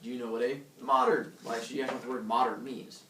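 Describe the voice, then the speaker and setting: Heard from far off in an echoey classroom, a young male teacher lectures his class very fast, joking and acting out animal characters in silly voices as playful storytelling. His mid-range voice is steady and fairly bright, with a little hiss or hum on the recording.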